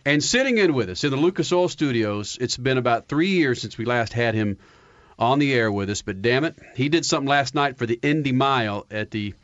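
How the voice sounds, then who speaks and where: Brash, loud male radio host in a dry, slightly muffled studio. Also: mid-range voice, expressive, brisk, no room sound. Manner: loud, hyped, brash and joking. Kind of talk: energetic motorsports radio banter.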